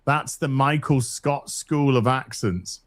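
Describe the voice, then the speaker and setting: A man's voice: medium pitch, slow pace. A man hosting a casual livestream podcast, reading out donations, swearing freely and laughing often.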